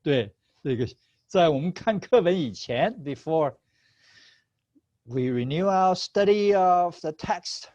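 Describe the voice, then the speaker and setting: Lively patient male language teacher. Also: fairly high pitch, slow pace, pauses often, no echo. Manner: patient, mixes Chinese and English, laughs often. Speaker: Chinese teacher. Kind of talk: online class teaching. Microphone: video call. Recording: slightly dull video call audio.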